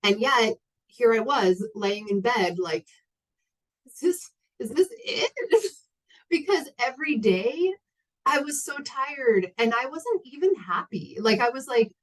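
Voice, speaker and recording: A woman's voice: on the high side, animated, measured pace, rough recording. A woman in her thirties telling a personal story to an audience, candid and rambling with many fillers and restarts. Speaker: guest speaker.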